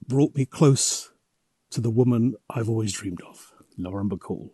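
Man, mellow storyteller, wry and self-deprecating. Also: lowish voice, a little slow, breathy edge, no echo, clean studio sound. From South London. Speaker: contributor telling an anecdote. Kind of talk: scripted personal story.

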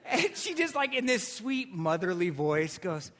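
A man preaching a sermon as pastor, telling stories casually with restarts and animated asides. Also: sits high, measured pace. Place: church sanctuary.

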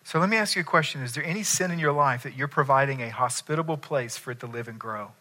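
A pastor with a mid-range voice preaches a sermon fast and with a sharp tone. He's emphatic and puts questions to his congregation.

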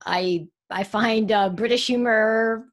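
A woman's voice: a little high, slow. A middle-aged woman from America hosting a casual podcast, upbeat and loose, with fillers. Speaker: podcast host.

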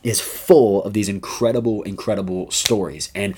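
A man who is a high school youth pastor, talking through a Bible chapter in an upbeat, chatty podcast style full of asides. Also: steady tone, moderate pace, darkish tone, slightly rough. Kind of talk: casual devotional podcast talk.

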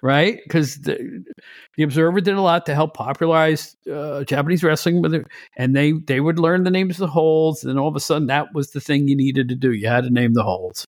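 A man chatting on a podcast as a guest, telling stories in an animated, opinionated way with frequent restarts. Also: fairly high pitch, a little fast, dry recording, clean studio sound. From United States. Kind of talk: casual chat.

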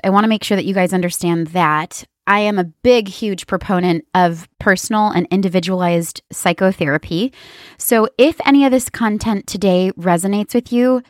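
A woman's voice: medium pitch, dry recording, clean studio sound. A woman therapist hosting an educational podcast, explaining earnestly and speaking straight to her listeners.

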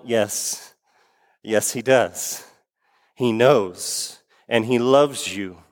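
Slow-preaching man in an echoing hall. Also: medium pitch. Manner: earnest, repeats key phrases for emphasis. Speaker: pastor. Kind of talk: sermon. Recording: long hall reverb.

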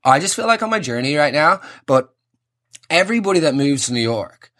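A man's voice: fairly high pitch, big pitch swings, a little fast, a bit bright. A man in his thirties with an Irish accent, delivering a sardonic, ranting comic monologue. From Ireland. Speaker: comedian.

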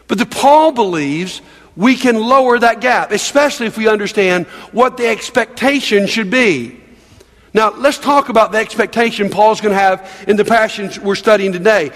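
High-voiced older male pastor preaching. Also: moderate pace, fairly bright tone. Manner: conversational preaching with repetitions and rhetorical questions. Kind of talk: sermon. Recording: long reverb of a large hall.

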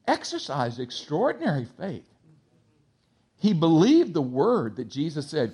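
A man preaching a sermon, moving from quiet, hushed storytelling to loud, high-pitched excitement, with stammering restarts. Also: unhurried, breathy edge. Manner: animated preaching, swings from hushed to shouting. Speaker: pastor.

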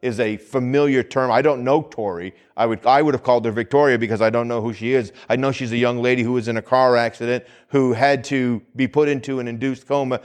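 A man's voice: mid-range voice, steady tone, fairly quick, hardly any pauses. Man preaching conversationally. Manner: conversational preaching, repeats phrases, asks the congregation questions. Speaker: pastor. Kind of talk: sermon.

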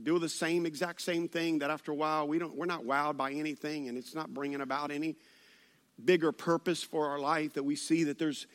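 A man's voice: on the high side, fairly quick. A man preaching a sermon, telling stories with playful asides. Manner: animated storytelling with playful asides. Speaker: pastor.

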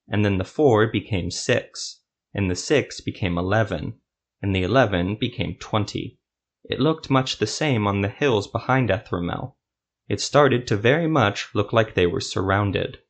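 Low-voiced male fantasy storyteller. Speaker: narrator. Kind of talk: scripted narration of a fan fantasy story.

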